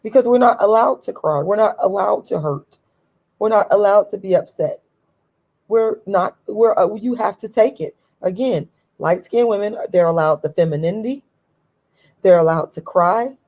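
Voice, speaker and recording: A woman's voice: medium pitch, moderate pace, darkish tone, rough recording. A woman hosting her own vlog, talking from a laid-back position in a voice tired from a long day, stressing points by repeating them. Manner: emphatic, repeats phrases for stress. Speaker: channel host. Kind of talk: casual opinion vlog.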